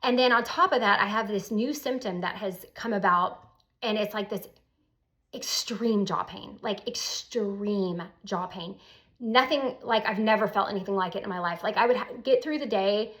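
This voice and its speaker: A woman telling her personal story in a casual, animated, emphatic way. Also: medium pitch, normal speed. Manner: animated, emphatic, with Southern "y'all".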